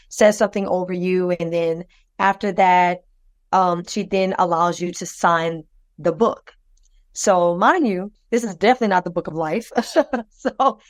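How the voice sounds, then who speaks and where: A woman co-hosting a podcast, telling a personal story with lively expression. She slips into other people's voices as she retells what they said, and her speech wanders with fillers and restarts. Her voice sits at a medium pitch and sounds dry and close, with no room around it. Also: no echo. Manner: loose, rambling delivery with many fillers and restarts. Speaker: podcast co-host.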